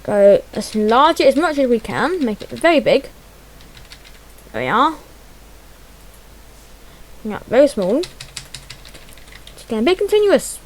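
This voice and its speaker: A woman's voice: a little high, sing-song, unhurried, long pauses, rough recording. A woman giving chatty, self-deprecating gameplay commentary, muttering to herself as she fumbles through menus. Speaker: gaming channel host.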